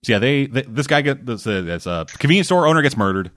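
A man's voice: mid-range voice, big pitch swings, quick pace, no room sound, studio quality. A man chatting casually about movies and shows, rambling and swearing, with lots of restarts. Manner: rambling, profane, acts out quotes loudly.

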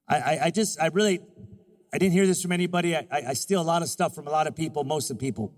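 A man preaching a sermon as pastor, moving from quiet, confiding talk to loud call-and-response exhortation. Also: racing, big-room sound. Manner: soft, low, confiding in personal stretches.

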